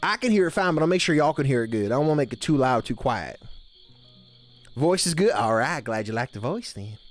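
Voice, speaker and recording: A man's voice: mid-range voice, animated, fairly quick, faint music behind. A man streaming live, chatting casually with viewers in a folksy camp-counselor persona full of drawled "y'all"s. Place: home streaming room with blanket-draped backdrop.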